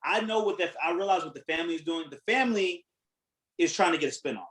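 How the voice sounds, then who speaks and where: Animated, high-voiced podcast guy. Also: fast talker, roomy sound, poor audio. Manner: animated, profane, laughing storyteller. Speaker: podcast co-host. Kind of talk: casual chat.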